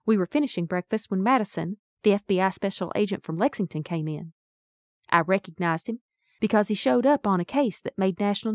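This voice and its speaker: A woman's voice: medium pitch, darkish tone, dry recording, studio quality. A woman narrating a first-person audiobook in a wry, folksy storytelling manner.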